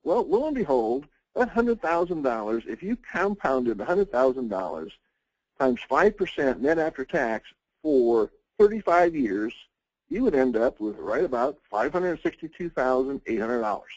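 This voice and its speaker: A man's voice: mid-range voice, sing-song, normal speed, dry recording, rough recording. A man presenting an insurance planning webinar, talking conversationally with frequent fillers and restarts. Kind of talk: informal webinar lecture.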